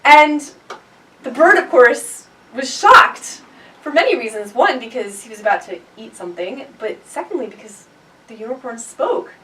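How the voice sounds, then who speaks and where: A woman's voice: high-pitched, lively intonation, normal speed, pushed and bright. A woman taking her turn in an improvised group story, hesitant and giggly. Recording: distant mic, faint noise.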